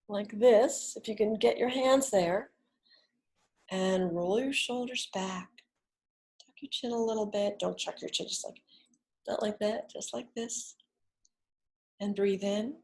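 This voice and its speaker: A middle-aged woman leading a gentle guided relaxation lesson, speaking softly and soothingly, with whispered exhales between instructions. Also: medium pitch. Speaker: wellness instructor.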